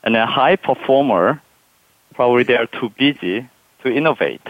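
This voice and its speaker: A man's voice: mid-range voice, animated, normal speed, no echo. A man speaks as a panel guest. He searches for words and restarts often. The sound is dull and dry, with no room around it. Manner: hesitant, many fillers and restarts. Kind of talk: conversational interview answer.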